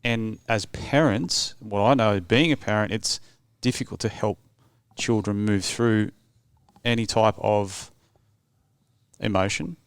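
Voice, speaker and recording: A man's voice: on the low side, slow, clear, resonant tone, dry recording. A man in his thirties, a guest on a casual podcast, explaining earnestly and asking probing questions. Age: 30s. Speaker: podcast guest, men's work facilitator.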